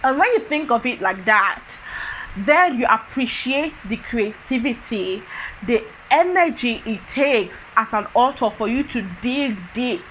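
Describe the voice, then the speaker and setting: A woman talks casually through a book review, rambling and restarting as she thinks aloud. Her voice sits a little high and sounds very bright. A faint room hum sits behind her. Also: muffled recording. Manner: chatty, thinks aloud with many fillers.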